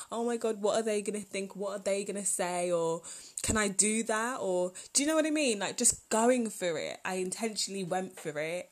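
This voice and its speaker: A woman, hosting a solo podcast in a chatty, rambling, heartfelt way. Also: on the low side. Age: 20s. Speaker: podcast host. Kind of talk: casual solo podcast talk.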